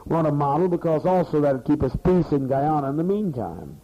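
A man's voice: fairly high pitch, expressive, a little fast. A man leading a community meeting, giving a rambling, profane, scolding speech to the people gathered there, heard on a muffled archival tape. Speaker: leader addressing a community meeting.

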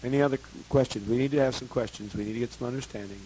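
A man's voice: mid-range voice, rapid-fire, dark tone, rough recording. A man leading a group meeting in a blunt, teasing way, prodding people for questions. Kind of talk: casual meeting talk. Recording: hissy old tape recording.

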